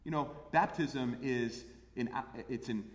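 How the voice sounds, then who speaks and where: A man's voice: mid-range voice, slow. A man preaching a sermon as pastor, earnest, repeating phrases for emphasis. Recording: echoey hall with long reverb.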